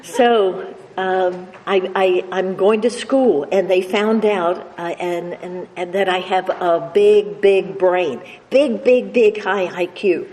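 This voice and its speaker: A woman's voice: on the low side, takes it slowly, hardly any pauses, mellow. An older woman speaking to a recovery meeting, telling a humorous personal story with a slight stutter and many restarts. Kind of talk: personal story told to a live audience. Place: meeting hall with an audience laughing. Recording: reverberant hall with faint noise.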